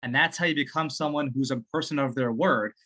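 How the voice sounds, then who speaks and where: A man on a video call giving sales-practice feedback in casual chat, excitable and profane, laughing as he talks. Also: mid-range voice, brisk. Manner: excitable, swears often, laughs while talking.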